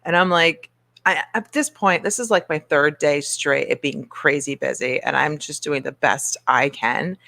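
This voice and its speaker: A woman co-hosting a casual chat show, telling a lively story and acting out what people said. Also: deep voice, measured pace, gravelly, no room sound. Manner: animated storytelling, acts out quotes. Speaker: co-host, bar worker.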